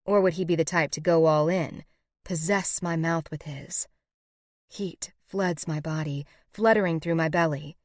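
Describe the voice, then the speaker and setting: Low-voiced woman narrating a romance. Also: no room sound, studio quality. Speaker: audiobook narrator. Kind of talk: scripted first-person narration.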